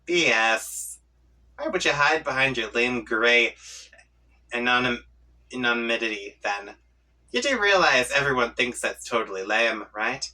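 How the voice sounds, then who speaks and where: A woman's voice: a bass voice, lively intonation, a little slow, sharp tone, distant mic, exaggerated voice. A man reading a comic aloud, voicing a haughty, scheming young female troll who talks with smug taunts. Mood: taunting.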